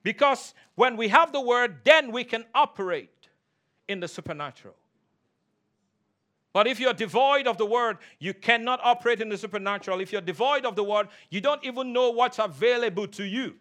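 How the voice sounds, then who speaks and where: High-voiced, bright-toned preaching pastor. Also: male voice, lively intonation. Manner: emphatic preaching with call-and-response; repeats key phrases, slows for emphasis. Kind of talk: sermon.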